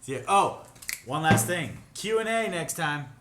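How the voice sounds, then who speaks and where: A man's voice: a little high, animated, unhurried. A young man co-hosting a podcast, laid-back and wisecracking in casual chat. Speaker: podcast co-host. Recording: echoey room with faint noise.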